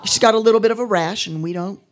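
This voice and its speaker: A woman voicing a tall male Texan immigration officer with a Texan accent, slow and folksy with hesitations. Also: mid-range voice, pitched above the performer's own voice, lightly acted. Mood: officious.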